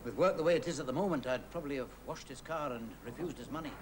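A man's voice: mid-range voice, fast, natural voice. An actor playing a teasing, well-read Scottish factory worker, a middle-aged man with a Scottish accent and an ironic way with words. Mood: wry. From Scotland. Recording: hissy old television broadcast.

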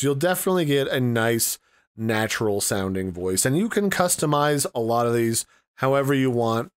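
Here a man's medium-pitched voice comes across clear and resonant. As host of a laid-back screen-recorded tutorial, he explains things in a loose, rambling manner, reasoning aloud along the way.

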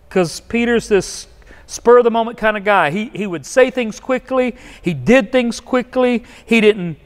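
A man's voice: sits high, big-room sound. A male pastor preaching a sermon in a conversational way, often restarting phrases and acting out quotes. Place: church sanctuary.

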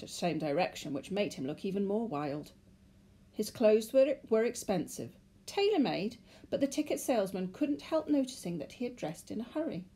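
A woman with a British accent reading a children's novel aloud in a lively, expressive storytelling way. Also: medium pitch, breathy edge.

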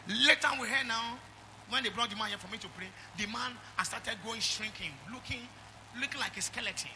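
A middle-aged Nigerian-accented man preaching a sermon in church, calling out to the congregation and swinging from loud exhortation to quiet asides. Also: very high voice, fairly quick, noisy background. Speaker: pastor.

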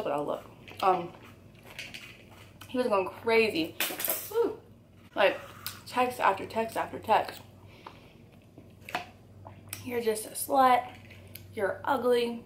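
A woman's voice: mid-range voice, moderate pace, pauses often, a little hiss or hum. A young woman in her twenties telling an emphatic, candid story to camera for her channel while eating at home. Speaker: YouTuber.

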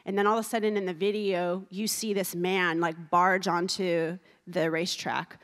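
A woman's voice: fairly low pitch, little pitch movement, normal speed, a bit bright. A woman giving an emotional sermon, earnest and building to fervent preaching, with tearful moments. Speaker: youth speaker. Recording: reverberant hall.

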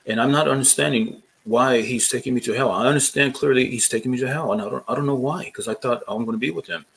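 A man giving a personal faith testimony. He speaks earnestly and haltingly, repeating words and restarting his phrases as he recounts the story. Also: medium pitch, gravelly, a bit bright, poor audio. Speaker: former boxer giving a testimony.

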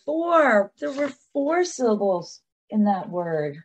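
A woman teacher leads a children's lesson, her voice swooping high and low as she encourages the kids. She speaks slowly and deliberately, with a slightly husky tone. She sounds animated and warm toward her young audience.

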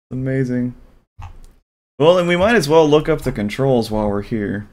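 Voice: medium pitch, animated, moderate pace, long pauses, a little mellow. A game streamer from Virginia giving casual, chatty commentary while playing, sometimes talking to the characters.

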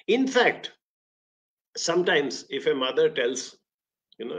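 Expressive Indian English man giving a talk. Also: a little slow, highs cut off. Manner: expressive storytelling with sudden rises in pitch and volume. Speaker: career counselor. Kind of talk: motivational talk.

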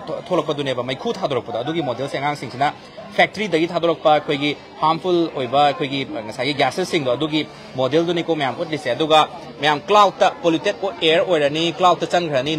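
Man, Manipuri accent, event host, rapid, high-pitched, busy crowd around. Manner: animated, explaining to children. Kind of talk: live event presenting. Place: outdoor school fair. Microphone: handheld microphone. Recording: crowd noise behind.

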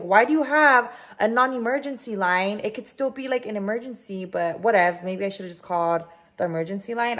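Animated young woman telling a story. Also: fairly high pitch. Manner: animated, swears freely, heavy use of "like". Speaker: vlogger. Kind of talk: casual storytime vlog. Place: home kitchen, indoors.

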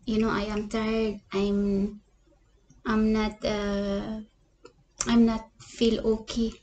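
A woman vlogger talking casually to her viewers, speaking halting English, tired and sad. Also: mid-range voice, monotone, darkish tone, lo-fi sound, a little hiss or hum. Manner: halting, non-native English, often addresses "people"; tired and sad, with small laughs. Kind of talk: casual eating vlog talk to viewers.

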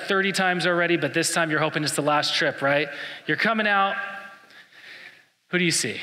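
Bright-voiced male preacher in a reverberant hall. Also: a little high. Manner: animated, jokey storytelling with acted-out asides. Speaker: pastor. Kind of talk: sermon.

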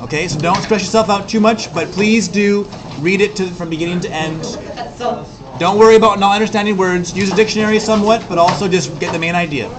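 A male English teacher giving a classroom lecture, explaining things quickly and repeating himself as he goes. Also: sits high, crowd noise.

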